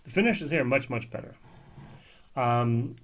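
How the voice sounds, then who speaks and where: Man, casual whisky tasting review, musing and halting, mid-pitched voice. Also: lively intonation. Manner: musing, frequent fillers and restarts.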